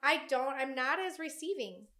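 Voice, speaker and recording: A young woman with a high, bright voice chats casually, full of "like" and "you know." She talks openly and easily. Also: animated, normal speed. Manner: chatty, many fillers. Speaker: podcast co-host. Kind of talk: casual chat.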